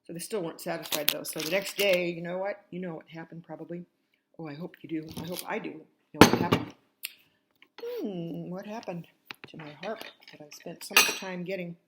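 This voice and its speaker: A grandmother tells a fairy tale to children, chatting directly to the kids as she reads. Her voice is lowish and her pace normal, though the recording is very noisy.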